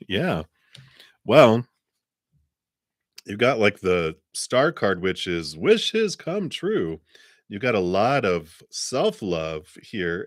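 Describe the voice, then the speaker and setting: Deep-voiced guy doing a tarot reading on a stream, soft and rambly, cough drop in his mouth, dry close sound. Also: sing-song, extremely slow, pauses often, dry recording. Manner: soft-spoken, meandering, many fillers and sighs. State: talking around a cough drop. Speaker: tarot reader.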